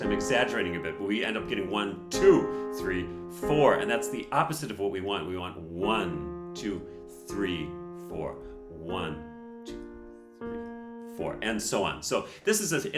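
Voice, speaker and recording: A man's voice: mid-range voice, roomy sound. A man reviewing a piano performance and teaching technique in a casual, explanatory way, counting beats aloud.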